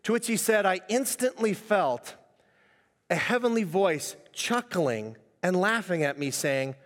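A man preaching a sermon as pastor, in an animated, jokey way with frequent laughs, recorded in a church hall. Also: sits high, measured pace. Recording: long echo of a church hall.

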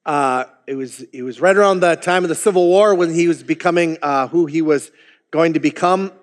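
High-voiced pastor in an echoing hall. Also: male voice, brisk. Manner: conversational, with chuckling asides. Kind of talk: sermon.

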